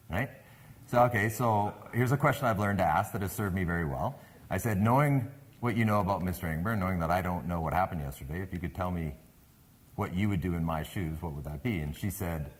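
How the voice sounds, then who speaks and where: A man's voice: low-pitched, fast. A man with a Canadian accent, speaking to a live audience as a sales speaker, telling a story and asking the crowd questions. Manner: animated, engages the audience with questions.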